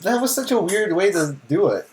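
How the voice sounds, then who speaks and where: A man's voice: high-pitched, sing-song, moderate pace, darkish tone, slight background noise. A young man hosting a live reaction video, incredulous and laughing, often asking "what?".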